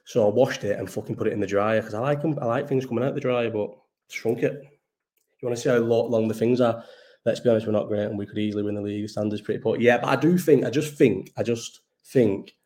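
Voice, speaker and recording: A man's voice: medium pitch, steady tone, fast, warm tone. A young man, hosting a casual live-stream chat, who swears often and loses his thread as he rambles. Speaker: host of a live-chat show.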